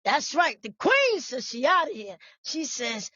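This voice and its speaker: A woman from New York giving animated, sassy commentary on the news straight to her viewers. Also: high voice, measured pace, dry recording, muffled recording. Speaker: vlogger.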